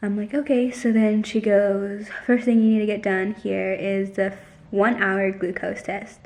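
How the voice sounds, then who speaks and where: A young woman vlogs casually in a mid-range, level, darkish voice, speaking a little slowly. She tells a story in a chatty way, using "like" constantly and acting out what other people said.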